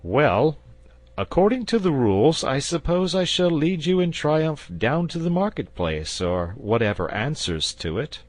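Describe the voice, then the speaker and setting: A man's voice: fairly high pitch, big pitch swings, measured pace, no echo, voice pushed up. A man voicing a confident, patient male knight who speaks persuasively and earnestly.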